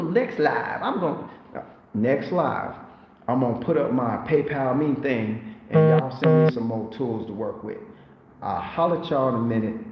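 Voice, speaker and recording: A man's voice: medium pitch, a little hiss or hum. Man, livestream host, playful motivational monologue, echoey room, muffled lo-fi audio. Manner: animated, playful, preachy motivational talk with put-on voices. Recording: very echoey, dull lo-fi sound with faint ambience.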